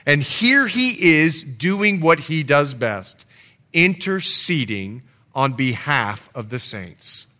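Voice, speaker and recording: A male pastor preaching a sermon, an animated storyteller with playful asides. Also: a little high, slow.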